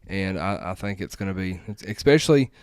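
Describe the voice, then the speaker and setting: Smooth-voiced man hosting a podcast. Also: low-pitched, animated, brisk, a little mellow, no echo, studio quality. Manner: reads ad reads with rising energy. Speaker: podcast host. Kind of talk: casual sports chat. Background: live podcast table with co-hosts.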